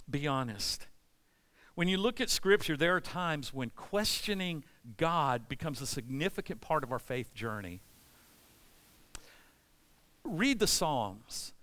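A middle-aged man preaches a sermon with a clear, smooth, resonant voice. His tone sits high and bright, and he breaks into anguished cries as he voices prayers to God. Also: lively intonation, unhurried. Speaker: pastor.

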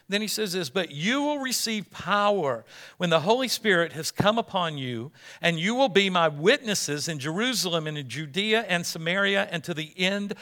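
A pastor delivers a sermon in a conversational way, building up to emphatic moments. His voice is bright and sits a little high for a man. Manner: conversational preaching, rising to emphatic peaks.

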